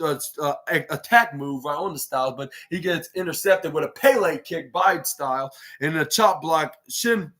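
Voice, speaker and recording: A man's voice: fairly high pitch, a bit bright. A man hosting a solo podcast, retelling a wrestling match move by move and briefly acting out the wrestlers' lines. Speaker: podcast host.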